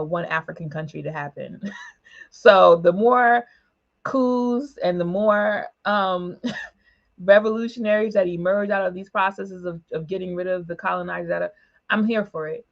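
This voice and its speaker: A woman speaking emphatically in a political broadcast discussion, with quick asides and short laughs. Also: on the low side, creaky, lo-fi sound. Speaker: panelist for a women's political organization.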